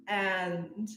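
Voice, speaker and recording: A woman's voice: mid-range voice, pushed and bright, echoey room. A woman telling a personal story in a casual, chatty way, with many fillers and restarts. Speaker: spiritual content creator.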